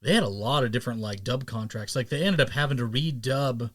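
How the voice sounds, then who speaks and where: A man's voice: medium pitch, brisk. Chatty man hosting a podcast. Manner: rambling, animated storytelling with swearing. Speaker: podcast host. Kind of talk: casual chat.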